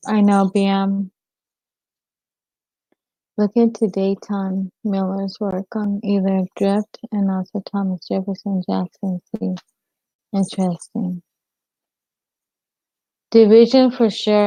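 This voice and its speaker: A woman's voice: medium pitch, vocal fry, mellow, no room sound. A woman hosting a casual livestream chat, rambling and answering viewers' comments by name. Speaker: livestream host. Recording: dull lo-fi stream audio.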